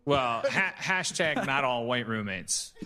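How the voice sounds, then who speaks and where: A man's voice: mid-range voice, animated, slow pace, bright, forceful tone, big-room sound. A man hosting a casual podcast chat, wry and rambling, asking follow-up questions. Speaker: podcast host.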